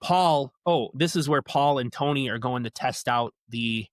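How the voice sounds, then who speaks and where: A man co-hosting a podcast, retelling horror movie scenes in an animated, casual way, swearing now and then. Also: medium pitch, a little slow. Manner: animated storytelling, swears, says yeah a lot. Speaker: podcast co-host. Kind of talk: casual movie recap chat.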